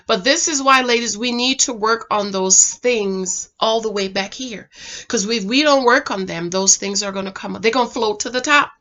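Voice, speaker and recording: A middle-aged woman talks through a dating show from home. Her voice sits a bit high and rings bright. She speaks in an emphatic, chatty way and keeps calling her viewers girl and ladies. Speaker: reality show reviewer and dating mentor. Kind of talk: animated casual commentary.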